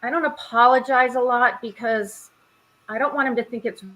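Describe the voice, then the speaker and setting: Bright-voiced woman coach on a video call. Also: fairly high pitch, steady tone, moderate pace, poor audio. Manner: candid, emphatic storytelling. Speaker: mindset and spiritual coach. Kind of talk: video call panel chat. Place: home in Florida.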